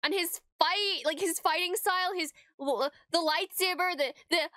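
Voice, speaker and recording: A woman's voice: extremely high pitch, moderate pace, bright, forceful tone, dry recording, clean studio sound. A woman streamer reacting to a show, gushing and breathless, swearing freely and stammering when overwhelmed. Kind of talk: excited reaction commentary.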